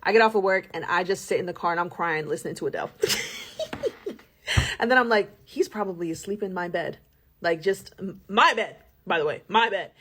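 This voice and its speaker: A young woman telling a personal story in a casual, animated storytime style, with laughs and dramatic asides. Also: fairly low pitch, brisk, pauses often, slightly rough.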